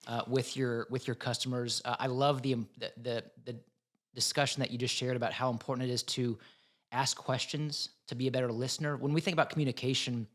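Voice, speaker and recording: A man's voice: mid-range voice, steady tone, fast, fairly bright tone. Enthusiastic male podcast host. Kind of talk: interview hosting.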